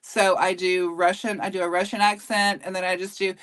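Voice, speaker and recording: A woman's voice: on the low side, little pitch movement, a little fast, a bit bright. A woman guest actress with a New York accent and a slight Southern twang, chatting casually and often restarting her sentences. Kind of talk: casual interview chat.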